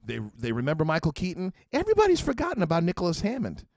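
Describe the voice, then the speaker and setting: An excitable man hosting a casual podcast, his pitch jumping around a lot as he talks. He often stumbles and restarts his sentences. The sound is close and dry. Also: racing, dry recording. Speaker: podcast host. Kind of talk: casual chat.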